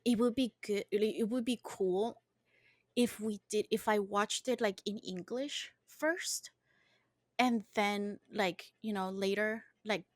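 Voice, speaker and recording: A woman's voice: medium pitch, slow, no room sound, clean studio sound. A young woman co-hosting a casual podcast chat, giggling often and full of "like" fillers. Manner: giggly, animated, many "like" fillers. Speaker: podcast co-host.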